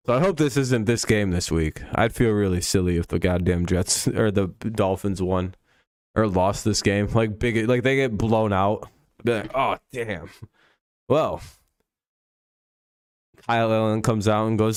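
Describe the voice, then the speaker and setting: A man's voice: fairly low pitch, a little slow, pauses often, clear, resonant tone, no room sound, clean studio sound. A man hosting a casual football preview stream, joking and rambling with frequent swearing. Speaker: sports streamer. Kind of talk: casual NFL preview chat.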